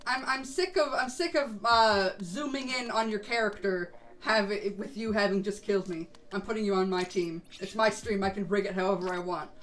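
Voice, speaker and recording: A woman's voice: medium pitch, normal speed, hardly any pauses, a bit bright. A woman streamer chatting casually while she plays a game, rambling a little and laughing often. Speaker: VTuber streamer. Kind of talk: casual chat while gaming.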